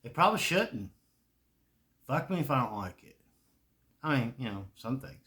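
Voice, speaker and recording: Rambling Southern man with a bright voice. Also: medium pitch, sing-song, normal speed. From American South. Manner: rambling, profane, laughs often. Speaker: video creator. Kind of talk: casual rambling monologue.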